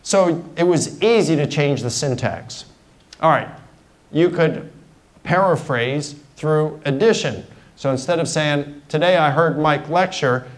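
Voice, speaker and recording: A man's voice: fairly high pitch, low-quality recording. A middle-aged man giving a university guest lecture in a conversational way, explaining points through simple examples. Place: lecture hall.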